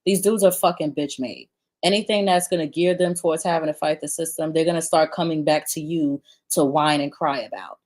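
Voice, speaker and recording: A woman's voice: deep voice, steady tone, a little fast, darkish tone. Blunt, sarcastic woman commentator. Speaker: commentary host. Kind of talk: reaction commentary.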